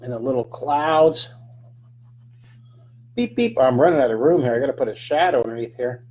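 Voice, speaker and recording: A man's voice: mid-range voice, quick pace, darkish tone, muffled recording. A man teaching a live drawing lesson, chatting through each stroke with playful sound effects.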